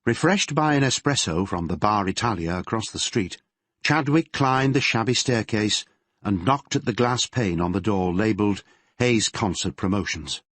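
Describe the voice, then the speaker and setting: A man narrating an audiobook in a measured storytelling manner. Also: fairly low pitch, fairly bright tone, dry recording. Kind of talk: scripted narration.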